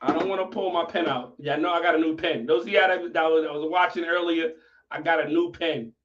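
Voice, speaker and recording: High-pitched, profane livestream host. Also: male voice, fast, distant mic, noisy background. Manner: profane, animated, talks to viewers. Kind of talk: casual livestream commentary. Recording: dull lo-fi audio from off-mic.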